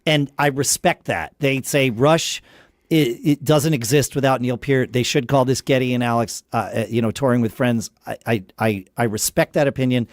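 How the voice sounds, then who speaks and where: A man's voice: medium pitch, moderate pace, no room sound, clean studio sound. A man hosting a casual podcast conversation, thinking aloud with frequent restarts and tangents. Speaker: podcast host.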